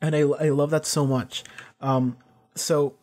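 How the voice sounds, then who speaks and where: Reaction streamer, male, higher-pitched, eager and chatty, casual and rambling. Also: little pitch movement, a little slow, darkish tone. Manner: enthusiastic, rambling, laughs often. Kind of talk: casual excited commentary.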